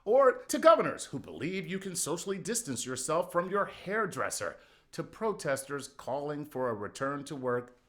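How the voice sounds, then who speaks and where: A man's voice: a little high, sing-song, normal speed, fairly bright tone. A middle-aged man doing a sarcastic comedy monologue, punchy, with sudden outbursts.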